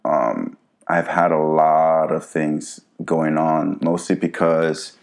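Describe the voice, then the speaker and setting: A man from New Jersey, a guest on a podcast, talking in a relaxed, laid-back way with lots of "you know". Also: very deep voice, slow, vocal fry. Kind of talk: casual interview chat.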